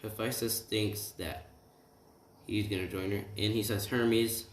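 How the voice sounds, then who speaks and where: A man casually retelling a fan story in a rambling, halting way with many restarts. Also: on the low side, fairly even intonation. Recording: roomy room, distant mic, faint hiss.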